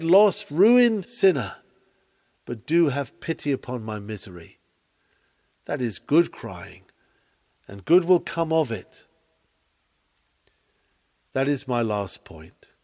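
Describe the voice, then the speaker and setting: Fervent man reading an old sermon. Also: mid-range voice. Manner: fervent, pleading, with archaic thee and thou. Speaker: sermon reader. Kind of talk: reading a Victorian sermon aloud.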